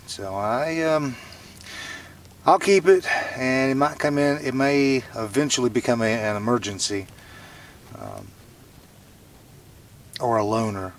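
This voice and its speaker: A man's voice: lowish voice, recorded from a distance. A middle-aged man vlogging casually at a campsite, rambling with many fillers and restarts. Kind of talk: casual solo camping vlog. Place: outdoor campsite. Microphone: camera mic. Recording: noisy camera audio with autofocus clicks.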